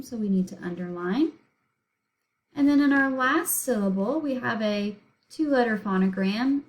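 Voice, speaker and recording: Woman teacher going real slow, sounding out each letter, patient and steady. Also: a little high, poor audio. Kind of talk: recorded spelling lesson.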